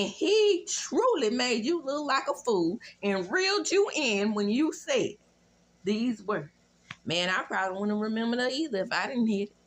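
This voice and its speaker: Sassy Southern woman, lively high voice. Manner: sassy, animated, profane asides. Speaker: reality TV recap host. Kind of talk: casual recap commentary.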